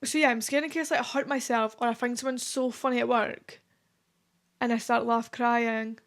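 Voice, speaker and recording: Woman, 20s, podcast host, casual confessional chat, rambling, slightly high pitch, gravelly fry. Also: steady tone, moderate pace. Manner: chatty, confessional, rambling with many fillers.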